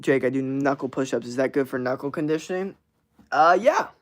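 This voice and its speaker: A man of medium pitch speaks fairly quickly while hosting a relaxed livestream. Reading his viewers' chat out loud, he rambles with slang, curses and lots of fillers.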